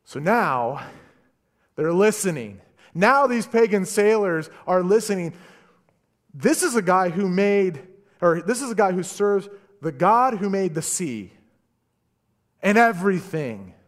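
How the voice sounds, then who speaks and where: Pastor, male, expressive bouncy pitch, animated sermon storyteller. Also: takes it slowly, pauses often. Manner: animated storytelling, stammering repeats.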